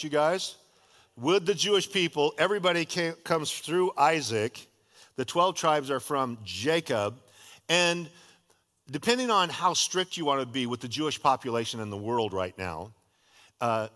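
Speaking at medium pitch and normal speed, this middle-aged male pastor shares a personal anecdote during a sermon. The big-room sound of the church sanctuary surrounds his relaxed, conversational delivery, full of lively quoted dialogue.

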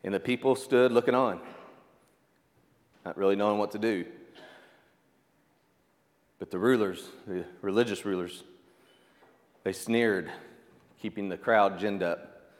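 A man's voice: lowish voice, a little slow, pauses often, big-room sound. A man preaching a sermon as pastor, conversational, with asides, fillers and calls of "amen" to the congregation.

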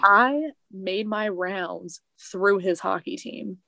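Twenties woman, kinda gravelly fry voice, crude jokey podcast chat. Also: medium pitch, slow, sharp tone, dry recording. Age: 20s. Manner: blunt, crude, joking. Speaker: podcast co-host. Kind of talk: casual chat.

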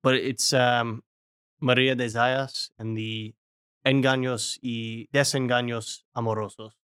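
A man's voice: mid-range voice, level tone, measured pace, fairly bright tone, clean tone. A young man co-hosting a podcast, animatedly retelling a story in casual chat with frequent laughs. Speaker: podcast co-host.

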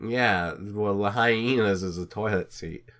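A man's voice: on the low side, measured pace, a bit bright. A young man co-hosting a casual chat over a call, teasing and laughing often. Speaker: podcast co-host.

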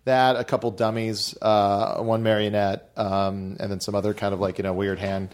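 A man's voice: fairly low pitch, level tone, moderate pace. A man co-hosting a casual podcast, telling stories in a rambling way full of "like". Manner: rambling, heavy use of "like". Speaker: podcast co-host.

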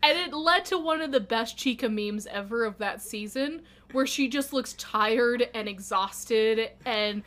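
A woman with a fairly high voice chats on a podcast, chatty and quick to act out the lines she quotes. She sounds relaxed and talkative in a casual conversation. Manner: chatty, retells scenes with quoted voices and laughs. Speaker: podcast co-host. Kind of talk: casual chat.

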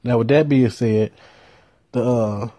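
A man telling a profane story in a laid-back way, with deadpan punchlines. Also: medium pitch, takes it slowly. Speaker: storyteller host.

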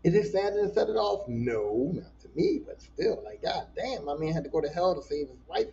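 Animated high-voiced man ranting on a podcast. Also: fairly quick, creaky, hardly any pauses, highs cut off, a little hiss or hum. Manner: animated, profane, emotional storytelling. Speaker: podcast host. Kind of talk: casual solo podcast talk.

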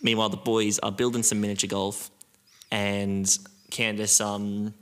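A man's voice: fairly low pitch, level tone, unhurried, a bit bright. A man co-hosting a casual podcast chat, recapping a cartoon episode in a rambling way with lots of ums and some swearing. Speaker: podcast co-host.

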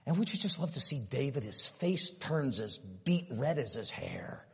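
A man preaching a sermon, retelling a story dramatically and swinging from hushed asides to loud, rising exclamations. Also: mid-range voice, very animated, normal speed, husky. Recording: dull sound with long reverb in a hall.

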